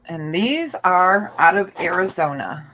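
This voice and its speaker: A woman's voice: on the low side, animated, unhurried, a bit bright, a little hiss or hum, poor audio. Chatty woman selling jewelry live. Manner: chatty, describing items, laughs often. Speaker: jewelry auction co-host. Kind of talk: live-stream auction chat.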